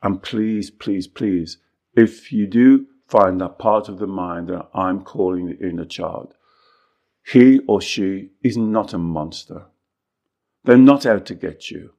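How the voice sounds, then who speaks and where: Deep-voiced man coaching on a podcast. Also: slow pace, vocal fry, a little mellow. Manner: earnest, repetitive explaining. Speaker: life coach. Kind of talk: podcast teaching talk.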